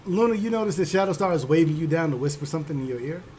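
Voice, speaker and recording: A high-voiced man from Chicago runs a tabletop game in an animated, emphatic way. He drops casual profanity and explains his points with vivid examples. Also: rapid-fire, slight background noise. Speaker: game master. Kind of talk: tabletop game narration and banter.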